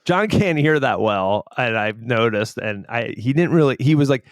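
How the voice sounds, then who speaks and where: A man co-hosting a casual podcast, animated as he tells a story and quick to break into laughter. His voice sits at an ordinary middle pitch. It is recorded close and dry, with no room sound. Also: dry recording. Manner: laughs often, animated storytelling with acted-out quotes. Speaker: podcast co-host. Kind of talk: casual chat.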